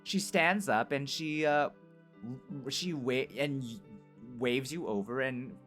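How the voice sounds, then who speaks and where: A man streaming, telling an improvised story to his chat in an animated, rambling way full of "right?" and "like". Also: mid-range voice, slow, faint music behind.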